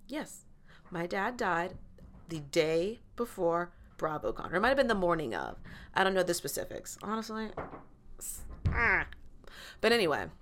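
A woman's voice: on the low side, fairly bright tone. A woman telling a comic personal story in a dramatic, slangy, gossipy way. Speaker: comedic storyteller. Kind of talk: comedic storytelling monologue.

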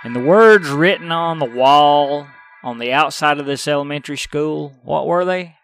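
A man's voice: fairly high pitch, moderate pace, vocal fry, fairly bright tone, faint music behind. A middle-aged man hosting a podcast, ranting in an exasperated, profane way. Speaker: podcast host. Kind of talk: casual ranting podcast talk.

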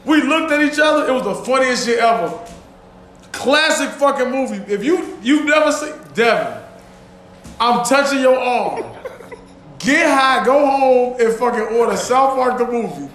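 A man hosting a casual podcast chat, telling stories loudly with lots of laughing and swearing. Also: very high-pitched, expressive, a little slow, a little hiss or hum. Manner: loud, laughing, profane storytelling. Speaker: podcast host. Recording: echoey room with faint ambience.

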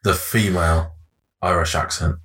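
A man's voice: low-pitched, moderate pace. A young man co-hosting a podcast, chatting casually with jokes and swearing. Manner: jokey, swearing, lively. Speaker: podcast co-host. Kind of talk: casual banter.

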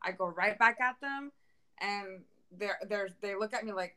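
A woman's voice: medium pitch, unhurried. A woman talking animatedly in a casual chat, slipping into Spanish phrases. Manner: animated, code-switches into Spanish.

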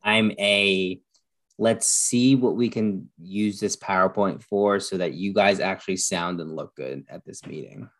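A man's voice: low voice, a little slow. A man co-hosting a podcast over a video call, casual and jokey, laughing easily. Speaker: podcast co-host. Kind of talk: casual chat. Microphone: video call mic.

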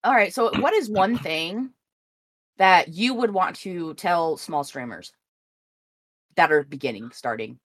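A woman's voice: lowish voice, lively intonation, measured pace, pauses often, dry recording. A woman co-hosting a casual podcast, teasing and playful as she asks questions. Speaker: podcast co-host.

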